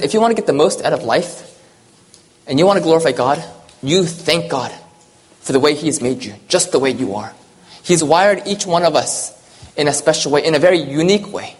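A man preaching with a fairly high voice, earnest and direct. He repeats his key lines for weight and goes soft and slow whenever he reads a verse or a poem. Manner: earnest, repeats phrases, drops soft for scripture and poems. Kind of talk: sermon.

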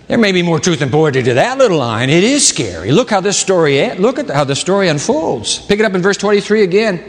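A man preaching a sermon as pastor, dramatic, swinging between loud emphasis and hushed low asides. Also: sing-song, a little fast. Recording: long reverb of a large hall.

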